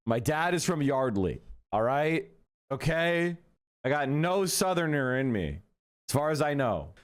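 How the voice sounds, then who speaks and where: A man's voice: medium pitch, clean tone. A man talking casually to his live-stream chat, joking and rambling with the odd swear word. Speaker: livestreamer.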